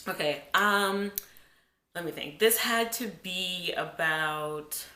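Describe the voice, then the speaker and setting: Chatty bright young woman in an echoey room. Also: lowish voice, takes it slowly. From New Jersey, USA. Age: 20s. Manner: animated, chatty, talks straight to viewers. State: has a cold. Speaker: vlogger. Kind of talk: casual storytime vlog.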